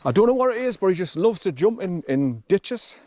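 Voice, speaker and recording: A man rambles and chuckles often as he walks his dog along a forest track, filming casual vlog commentary on a camera he carries. His voice is high-pitched, very animated and fairly quick, with a darkish tone. A little hiss or hum sits in the recording.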